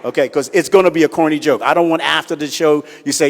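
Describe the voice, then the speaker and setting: A man's voice: on the high side, quick pace. A man hosting an awards show as a comedian, chatty and teasing the crowd. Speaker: comedian and event host. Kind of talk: stand-up comedy and audience banter. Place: large hall at an awards event. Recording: reverberant hall.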